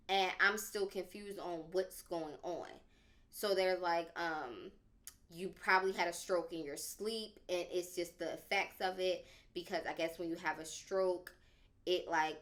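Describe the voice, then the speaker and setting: A young woman tells a personal story on a podcast in a casual, animated way, with a lot of slang. Her voice sits a little low but has a bright, forceful edge. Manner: animated and dramatic, slangy, lots of "like". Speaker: podcast speaker.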